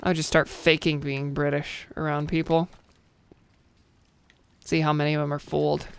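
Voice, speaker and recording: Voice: medium pitch, little pitch movement, normal speed, gravelly, smooth. A streamer giving casual, chatty commentary while playing a game, joking at their own expense and tossing out playful nonsense words.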